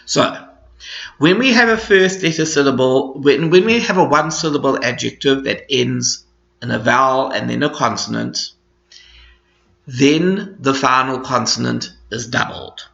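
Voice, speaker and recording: Slow, gravelly male English teacher. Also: mid-range voice, fairly bright tone. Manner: slow, patient explaining with repetition. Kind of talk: recorded grammar lesson. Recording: echoey room, dull lo-fi sound.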